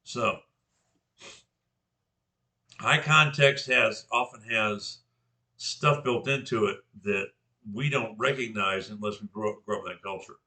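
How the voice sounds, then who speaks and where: A man's voice: fairly low pitch, a little slow, long pauses, sharp tone. An older man from Georgia in the US giving an informal class presentation, carefully articulating his words with frequent restarts.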